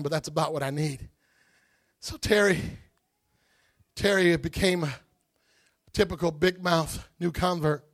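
High, bright-voiced male preacher. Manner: impassioned preaching storytelling. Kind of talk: sermon testimony.

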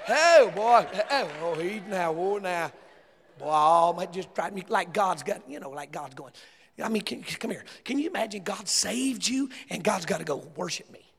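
A man with a Southern US accent preaching a sermon, telling stories with laughter and rising to shouts. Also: high-pitched, animated, normal speed, vocal fry, husky. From American South. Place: church sanctuary. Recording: long hall reverb.

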